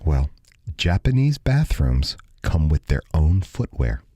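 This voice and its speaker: A man's voice: very deep voice, slow pace, dry recording, clean studio sound. A man with a Brooklyn accent hosting a radio talk show, chatting casually in a joking, playful way. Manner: joking, animated, playful teasing. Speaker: radio host, salon owner.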